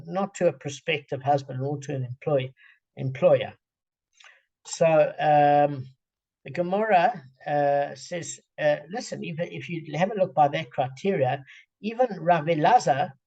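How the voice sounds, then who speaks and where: A man's voice: fairly high pitch, vocal fry, darkish tone, husky, lo-fi sound. A man leading a group through a Talmud page, thinking aloud with many fillers and restarts over a video call. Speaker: Talmud study leader. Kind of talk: explaining a Talmud page to friends.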